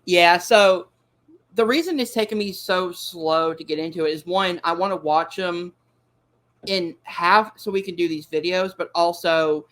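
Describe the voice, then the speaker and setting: A man's voice: high-pitched, unhurried, a bit bright. A man hosting a casual chat show, upbeat and eager, with frequent fillers. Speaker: podcast host.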